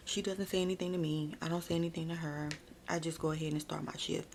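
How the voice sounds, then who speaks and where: A woman's voice: deep voice, flat delivery, fast, creaky, slight background noise. A woman chatting through a casual ASMR storytime, talking straight to her viewers and using "like" a lot, close to the mic. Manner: chatty, frequent "like" and "y'all"; addresses viewers directly.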